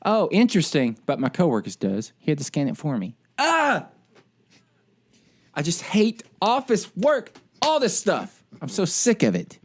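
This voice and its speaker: Fired-up ranting man, fairly high voice. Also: moderate pace, few pauses. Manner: animated ranting storyteller. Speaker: podcast co-host; military service member. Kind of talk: casual podcast chat.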